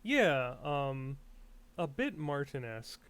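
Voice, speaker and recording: A man's voice: medium pitch, very animated, slow pace, fairly bright tone, smooth. A man co-hosting a podcast in casual chat, given to dry, wry asides. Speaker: podcast co-host.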